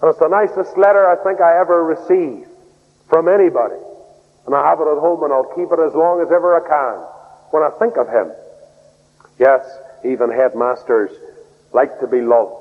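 A man preaching a sermon, swinging between loud raised outbursts and low, soft lines. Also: moderate pace. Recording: tinny phone-like radio broadcast in a hall.

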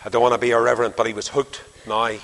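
Dramatic preacher in a reverberant hall. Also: male voice, mid-range voice, little pitch movement, fast talker, fairly bright tone. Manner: dramatic, acts out dialogue with rising and falling intensity. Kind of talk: sermon.

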